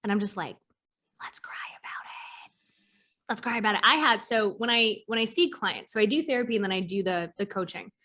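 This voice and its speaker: A woman hosting a casual interview podcast, a therapist who talks in an animated way, swears casually and acts out her clients' voices. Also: mid-range voice, fast talker, hardly any pauses.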